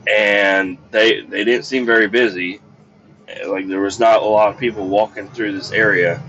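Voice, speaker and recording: A middle-aged man who hosts a podcast tells a meandering, frustrated, profanity-laced story while driving, with faint road noise behind him. His fairly low voice is steady, fairly bright, and moderately paced, and the audio is lo-fi.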